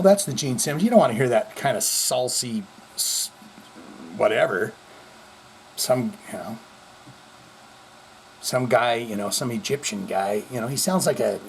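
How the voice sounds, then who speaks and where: A man's voice: mid-range voice, expressive, normal speed, darkish tone, a little hiss or hum. A man hosting a casual vlog, talking in a rambling, profane and goofy way. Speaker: host.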